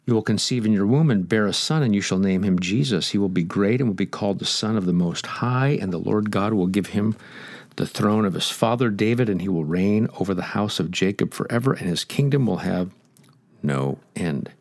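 A man's voice: lowish voice, brisk, darkish tone, dry recording. A man preaching a sermon, stressing his points and asking the listeners direct questions. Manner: emphatic, rhetorical questions to listeners.

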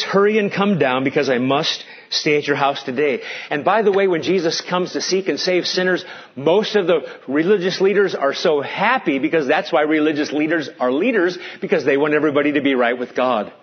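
A man preaching a sermon as pastor, earnest, drawing out key words slowly for weight. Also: a little high, breathy edge, lo-fi sound.

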